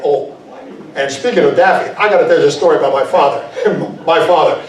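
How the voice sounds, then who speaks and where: High-voiced man crooning 1940s-style ballads. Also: lo-fi sound. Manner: quick, punchy joke delivery with chuckles. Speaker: singer and stand-up comic. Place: veterans home hall, live audience. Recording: roomy live hall, mic at a distance, with band.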